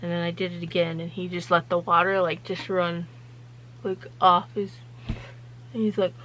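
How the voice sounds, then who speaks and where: A woman's voice: on the low side, little pitch movement, moderate pace, a bit bright, rough recording. A woman hosting her own vlog, telling a story in a rambling, chatty way with lots of loose fillers. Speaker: vlog host.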